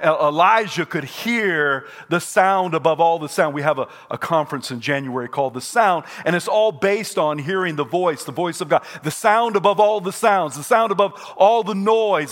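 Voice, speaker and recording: An older man preaching a sermon, repeating his points and rising to shouted peaks. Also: fairly high pitch, moderate pace. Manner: repetitive and emphatic. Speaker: pastor.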